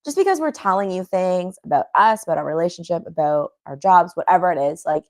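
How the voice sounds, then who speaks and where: A woman's voice: lowish voice, lively intonation, quick pace, darkish tone, no echo. A young woman co-hosting a casual podcast, chatty and giggly, with lots of fillers. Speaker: podcast co-host. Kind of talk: casual chat.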